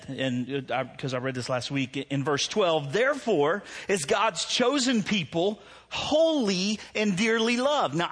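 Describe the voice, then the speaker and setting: A man's voice: fairly high pitch, fairly bright tone, husky. A man pastor, preaching a sermon in a conversational, self-deprecating way that rises into emphatic preaching. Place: church hall. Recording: long hall reverb.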